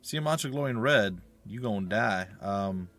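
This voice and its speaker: A man's voice: on the low side, lively intonation, moderate pace, a bit bright. A man hosting a let's play, chatting casually and joking as he talks to the enemies on screen. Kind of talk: casual gaming commentary.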